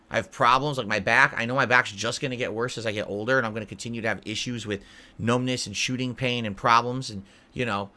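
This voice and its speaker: A man's voice: mid-range voice, bright, forceful tone. Blunt irritable man in his forties. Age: 40s. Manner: blunt, irritable, insulting chat. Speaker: streamer. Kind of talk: live stream Q&A chat.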